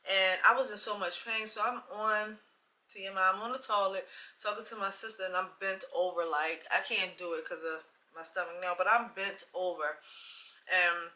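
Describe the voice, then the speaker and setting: A woman in her late thirties telling a personal story in a casual, chatty way. She acts out both sides of conversations and swings between loud and hushed. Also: mid-range voice, fairly even intonation, normal speed. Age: late 30s. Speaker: vlogger sharing a personal testimony.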